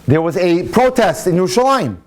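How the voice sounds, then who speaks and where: Rabbi guy giving a sermon, tells stories with big excited swings up and down. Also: a little fast. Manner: animated storyteller, swings into excited high-pitched quotes. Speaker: rabbi lecturer. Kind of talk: storytelling sermon.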